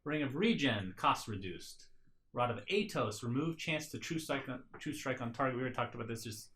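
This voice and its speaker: Bright-voiced man reading patch notes. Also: mid-range voice, expressive, a little fast, slight background noise. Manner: reads item changes then riffs on them. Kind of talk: casual group discussion.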